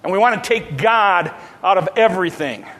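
A man preaching a sermon, drawing out scripture quotes slowly and rushing through casual asides. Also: sits high, animated, a bit bright, long reverb tail, poor audio. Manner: preaching with slow emphatic quotes and fast asides. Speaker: pastor. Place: church sanctuary.

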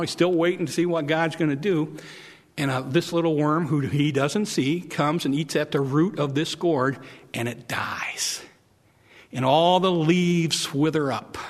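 A man preaching a sermon in a folksy, halting way, acting out voices with repeated words. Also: a little high. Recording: long hall reverb.

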